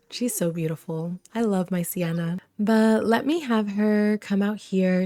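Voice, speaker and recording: A young woman chats through her life-simulation game, gushing and fond as she speaks her characters' thoughts. Her voice is warm and mellow, at a middle pitch. It sits close and dry, with no room sound. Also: no room sound. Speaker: let's play host. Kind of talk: casual gameplay commentary.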